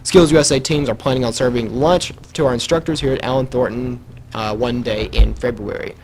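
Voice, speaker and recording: A young man with a slight Southern US accent hosting a casual school radio show, animated and laughing, with high excited bursts. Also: brisk, slight background noise. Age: teens to young adult. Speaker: student radio host.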